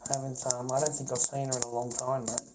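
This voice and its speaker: A man's voice: little pitch movement, quick pace, heavy background noise. Foul-mouthed man ranting. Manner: profane, confrontational, calls everyone mate and brother; trails off into low mumbling. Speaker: livestreamer. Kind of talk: live stream rant to chat.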